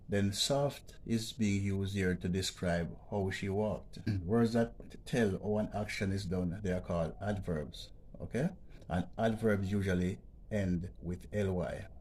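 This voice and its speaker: A man's voice: low voice, takes it slowly, darkish tone, breathy edge. A man teaching a grammar lesson, explaining patiently and checking in with "okay?" as he repeats each point. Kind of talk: educational vlog lesson.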